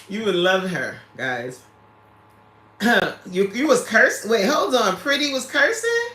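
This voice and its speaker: Animated woman chatting on a livestream. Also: medium pitch, slow, reverberant. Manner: animated, laughs often, talks straight to viewers. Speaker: livestream host reading chat. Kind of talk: casual livestream chat.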